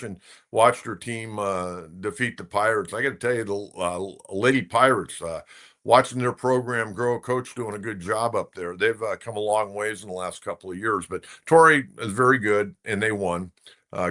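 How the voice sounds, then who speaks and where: A man's voice: lowish voice, a bit bright. An older man hosting a sports talk show, chatting and telling stories in an opinionated way, with frequent fillers. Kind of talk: casual sports talk commentary.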